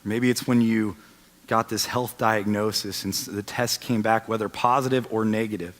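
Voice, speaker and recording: A man in his thirties preaching a sermon as a pastor, telling the story and swinging from loud to hushed. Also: lowish voice, fairly even intonation, moderate pace. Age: 30s. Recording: long reverb of a large hall.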